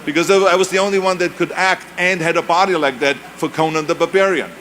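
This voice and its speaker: A man's voice: fairly high pitch, fairly even intonation, fast talker, a bit bright, slight background noise. A man in his seventies, a native German speaker with a German accent, gives an emphatic, anecdotal motivational speech with self-mocking humor at a university event. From Europe. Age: 70s.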